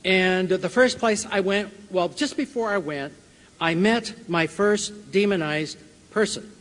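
A man's voice: sits high, unhurried. An older man telling a personal story to a church audience, chuckling and acting out scenes as he speaks. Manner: lively storyteller who chuckles and acts out the scene. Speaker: Bible college teacher and speaker. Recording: long reverb of a large hall.

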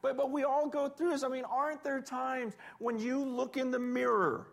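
Guy with a pretty high voice giving a sermon, chatty and jokey, acts out little quotes. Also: moderate pace, vocal fry. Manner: lively, conversational preaching with self-deprecating humor and acted quotes. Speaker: pastor.

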